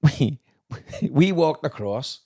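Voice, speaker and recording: A man's voice: on the high side, expressive, takes it slowly, mellow, breathy edge. A man, co-hosting a casual podcast, throwing in dry remarks and local sayings and telling his own stories with plenty of swearing. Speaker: podcast co-host. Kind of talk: casual chat.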